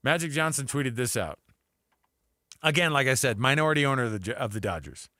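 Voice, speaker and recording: Wry, bright-voiced sports radio man. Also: medium pitch, lively intonation, fairly quick, no room sound, studio quality. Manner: joking, wry, reads quotes aloud in mock voices. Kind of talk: casual sports radio banter. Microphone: studio microphone, dry.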